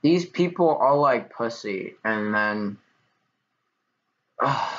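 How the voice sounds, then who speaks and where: A young man giving casual reaction commentary on songs, excitable and swearing often. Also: medium pitch, slow pace, long pauses. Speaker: music reaction reviewer. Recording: dull lo-fi mic with music playing. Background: music playing.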